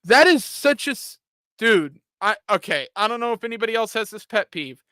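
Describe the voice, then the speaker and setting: A man's voice: high-pitched, very animated, moderate pace, pushed and bright, no echo. A man hosting a podcast, casually and critically reacting to a trailer with exasperated asides. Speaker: podcast host.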